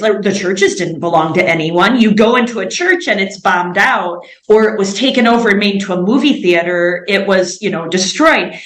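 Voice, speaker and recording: A woman's voice: mid-range voice, echoey room, low-quality recording. A woman in her forties from the United States, a missionary guest speaking earnestly in an interview, often filling gaps with "like" and "um". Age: 40s. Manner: earnest, many fillers like "like" and "um". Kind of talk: interview conversation.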